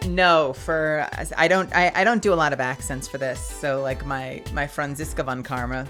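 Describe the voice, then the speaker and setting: A woman's voice: low-pitched, steady tone, normal speed, fairly bright tone, soft background music. A woman streamer chatting expressively and thinking aloud as she plays a game live. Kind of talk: live let's-play commentary.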